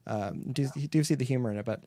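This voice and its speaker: A man's voice: medium pitch, brisk, crowd noise. A man hosting a podcast interview, chatty and rambling, laughing often as he asks questions. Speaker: podcast host. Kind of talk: casual interview chat.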